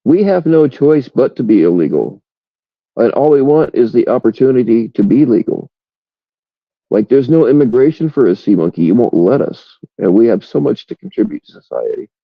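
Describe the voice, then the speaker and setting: A man's voice: medium pitch, very animated, moderate pace, vocal fry, no echo, muffled recording, pitched above the performer's own voice. A man voicing an aggrieved, defensive little male sea monkey, earnest and insistent.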